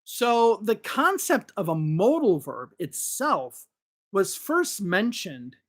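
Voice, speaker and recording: A man's voice: sits high, big pitch swings, takes it slowly, fairly bright tone. A man who teaches English, giving blunt, critical opinions in casual commentary to camera. He swears now and then and often repeats words as he restarts his sentences. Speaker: English teacher and channel host.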